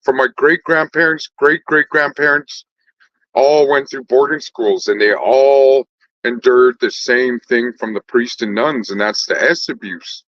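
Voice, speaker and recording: A man's voice: mid-range voice, a little slow, a bit bright, no echo. Laid-back slangy man, dull dry sound. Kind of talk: casual conversation.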